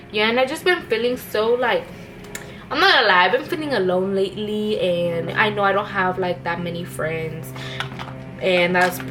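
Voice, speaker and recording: A woman's voice: mid-range voice, low-quality recording. A young woman, a stay-at-home mom, chatting in a rambling way with many fillers and restarts while she does her makeup at home. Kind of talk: casual get-ready-with-me chat. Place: at home, indoors.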